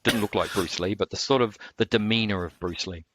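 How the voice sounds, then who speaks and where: Briskly, in a voice on the low side and fairly bright, with a little hiss or hum behind it, the martial artist rambles through his stories. It's a casual interview, and he keeps restarting and filling gaps.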